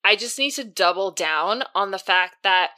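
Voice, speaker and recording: A woman co-hosting a podcast in casual chat, animated and rambling, with lots of "like". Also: medium pitch, moderate pace. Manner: chatty, animated, heavy use of "like". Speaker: podcast co-host.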